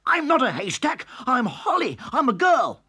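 Brief: narrator voicing a squeaky, excitable little girl for a storybook tape, swinging way up and down. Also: moderate pace, slightly rough, exaggerated voice. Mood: alarmed. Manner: squealing, high and breathless. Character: small girl with hair down to her feet, excitable. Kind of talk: storybook character voice.

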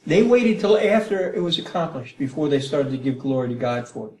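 A middle-aged man teaching the Bible in a conversational way, animated and acting out prayers, often checking in with "Okay?" and "Right?". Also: a little high, brisk. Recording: roomy echo.

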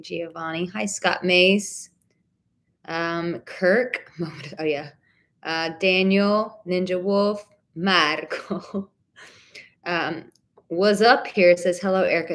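A woman in her thirties coaching viewers through a live Q&A about relationships. Her voice sits a little low, and she speaks with blunt candor, swears casually and answers the chat warmly by name. She hits her points with emphasis. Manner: warm pet names for viewers. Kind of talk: live-stream Q&A advice.

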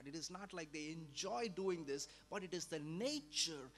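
A man preaching a sermon as a pastor, swinging between loud emphatic lines and hushed, low drops. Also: lively intonation, normal speed, few pauses. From India.

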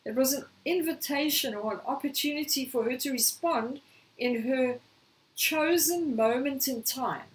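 A woman preaching a sermon, slightly hoarse, telling a scripture story and acting out the quoted lines. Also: high voice, measured pace, distant mic, poor audio. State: slightly hoarse, clearing throat.

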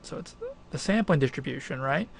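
A man's voice: mid-range voice, lively intonation, a little fast, gravelly, slight background noise. A man teaching statistics, walking through a problem step by step in a conversational, emphatic way. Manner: conversational, emphatic, thinks aloud with fillers. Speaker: math instructor. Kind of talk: recorded lecture walkthrough.

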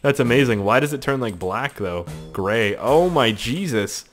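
A man giving excitable, crude let's-play commentary, swearing a lot and joking to himself. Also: mid-range voice, measured pace, faint music behind. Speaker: gaming video host.

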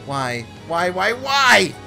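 A tormented young man pours out his anguish in raw, desperate cries, as a man reads him aloud. The voice rides a lively, climbing pitch that lurches up and down. Soft music hums underneath. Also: normal speed. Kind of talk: reading a visual novel aloud.

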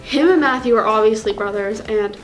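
A woman's voice: on the high side, brisk, lightly acted, low-quality recording. A woman playing a giddy, clueless fangirl. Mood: gushing. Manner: giddy, rambling, gasping fangirl talk. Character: gushing, clueless teenage girl fake fan. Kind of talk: comedy sketch character.

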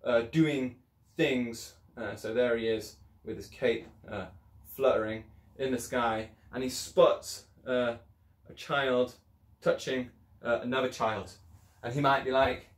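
A man's voice: mid-range voice, steady tone, slow pace, echoey room. A man teaching children an English lesson in a chatty, encouraging way, explaining things step by step. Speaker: primary school teacher.

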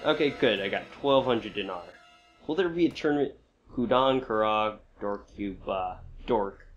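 A man commentating while he plays a video game, reacting with frequent excited outbursts and exclamations. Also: on the low side, measured pace, highs cut off, faint music behind. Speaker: gamer. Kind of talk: gameplay commentary.

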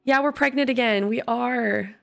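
A young woman casually commenting on a life-sim game she plays, her voice hoarse and congested, breaking into loud squeals of alarm now and then. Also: on the high side, normal speed. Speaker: gaming streamer. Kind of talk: casual let's-play commentary. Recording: faint game music behind.

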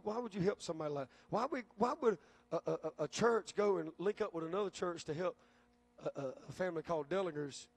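A man's voice: sits high, slightly rough. A male pastor preaching a sermon in a folksy storytelling way, often repeating words as he restarts a phrase.

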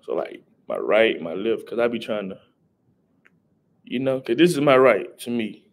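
A man's voice: lowish voice, sing-song, normal speed. A young man, rambling casually on a live stream and greeting viewers in chat. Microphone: headset.

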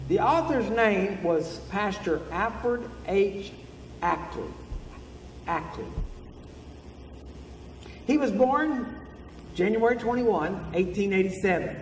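High-voiced preacher in a roomy church. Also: male voice, animated, measured pace, far from the mic, a little hiss or hum. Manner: earnest storytelling preacher. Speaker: pastor. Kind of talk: sermon. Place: church sanctuary. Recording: roomy hall from afar.

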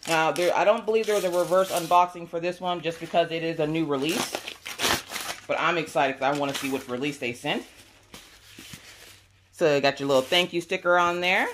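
A woman hosting a casual unboxing video, chatty and enthusiastic, her voice squeaky today. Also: a little fast, background noise. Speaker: crafting video host.

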